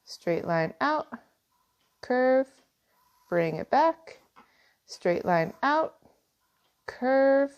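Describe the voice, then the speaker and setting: A woman teaching a step-by-step cartoon drawing lesson, gently guiding through each line. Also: on the low side, clean tone, lo-fi sound. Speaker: art teacher. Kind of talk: drawing tutorial.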